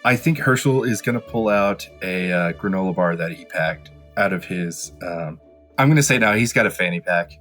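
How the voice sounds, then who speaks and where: Deep voiced guy player, laid back, lots of uhs, faint music. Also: expressive, moderate pace, fairly bright tone. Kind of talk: tabletop role-play chat.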